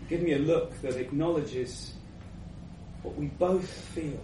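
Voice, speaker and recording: A man reading a first-person story aloud to a live audience, unhurried, with acted asides. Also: fairly high pitch, noisy background. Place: live event venue before an audience. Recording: echoey venue from a distant mic.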